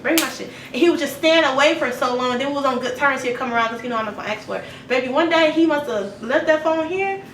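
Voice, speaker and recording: A high, bright-voiced woman tells a storytime vlog with blunt, profane energy, addressing her viewers directly. She sits a little back from the mic in an echoey apartment room with a faint rumble behind her. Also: recorded from a distance. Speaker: vlogger.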